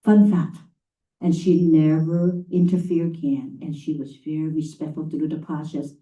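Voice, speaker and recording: A middle-aged woman, a campus facilities and sustainability leader, telling anecdotes to a live audience in an animated, emphatic way. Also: sits low, moderate pace, roomy sound, far from the mic, dull audio. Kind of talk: storytelling talk to a live audience. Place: talk venue, indoors.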